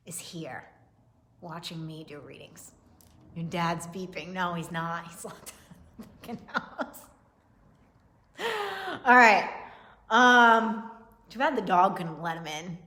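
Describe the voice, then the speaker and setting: A woman's voice: fairly low pitch, bright, forceful tone. A young woman giving a casual livestream tarot reading, chatty and profane, laughing often and greeting viewers by name. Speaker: tarot reader.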